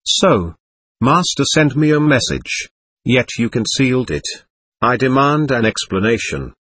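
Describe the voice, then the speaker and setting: A man's voice: mid-range voice, expressive, moderate pace, fairly bright tone, husky, dry recording. A man reading the lines of a skeptical young male student friend in an audiobook, blunt and indignant.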